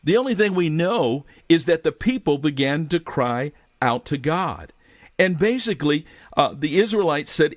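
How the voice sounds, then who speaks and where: A man preaching a sermon as a pastor. He reads scripture slowly and earnestly, and his voice drops softly at the ends of phrases. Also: fairly high pitch, animated, no echo, clean studio sound. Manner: earnest, slows down for scripture readings.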